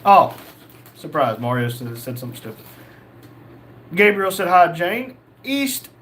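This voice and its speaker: A man's voice: high voice, big pitch swings, unhurried, a bit bright. A young man hosting a casual livestream, reading chat messages aloud and joking.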